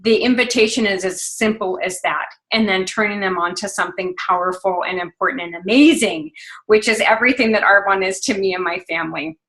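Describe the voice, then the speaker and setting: A woman's voice: mid-range voice, brisk, fairly bright tone, low-quality recording. A woman leading a motivational team conference call, upbeat and gushing, with many fillers. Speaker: team leader on a sales call. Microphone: phone.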